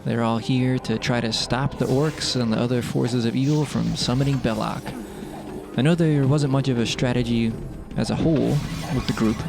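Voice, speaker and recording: A man narrating a roleplay game session in a casual, wry, deadpan way. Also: medium pitch, gravelly.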